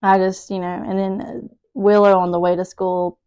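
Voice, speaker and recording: A woman's voice: medium pitch, level tone, moderate pace, darkish tone, clear, resonant tone, lo-fi sound. A woman in her thirties talks to the camera from her home kitchen while she cooks. She tells a hectic morning story in a rambling way, emotion close to the surface. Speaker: mom vlogger cooking at home. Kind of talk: casual chat while cooking.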